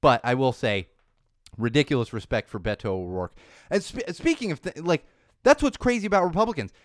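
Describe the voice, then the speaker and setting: Animated ranting man, dry close sound. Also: medium pitch, brisk, dry recording. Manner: animated, profane and opinionated, with many fillers and restarts. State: voice going, getting sick. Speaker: podcast host. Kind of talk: casual ranting chat.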